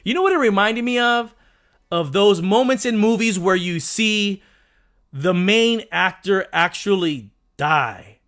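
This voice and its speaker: Excitable rambling man hosting a live stream. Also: a little high. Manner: excitable and rambling, with frequent restarts. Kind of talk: casual live stream chat.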